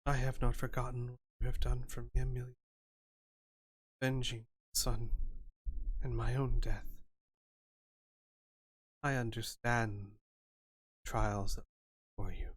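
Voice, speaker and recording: A man voicing a calm, solemn ghost of a woman fortune teller, speaking softly and gravely. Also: mid-range voice, measured pace, pauses often. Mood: gentle.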